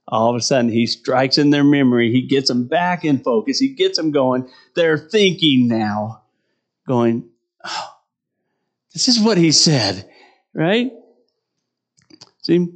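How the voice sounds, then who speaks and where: A middle-aged man preaching a sermon in a conversational way, often asking "right?" and laughing between points. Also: a little high.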